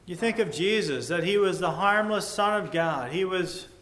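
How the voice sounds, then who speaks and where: A man preaching a sermon in a measured, earnest way, swinging between loud emphasis and hushed tones. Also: high voice, lively intonation. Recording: echoey room with faint ambient noise.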